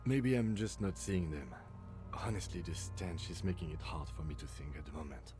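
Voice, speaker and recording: An actor playing a calm, methodical male police lieutenant in a video game, speaking in a measured, clinical, dry way. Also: sits low, music in the background, natural voice.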